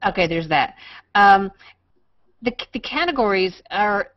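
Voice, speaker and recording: A woman's voice: mid-range voice, animated, unhurried, no room sound. A teasing woman on a dry, dull web call. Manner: playful, repeats herself teasingly. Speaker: co-host. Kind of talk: casual group video chat. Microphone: video call.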